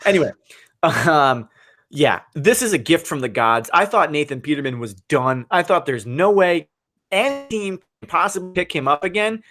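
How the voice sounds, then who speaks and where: A man co-hosting a casual sports podcast, talking football in an excitable, animated way and laughing often. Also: a little high, moderate pace.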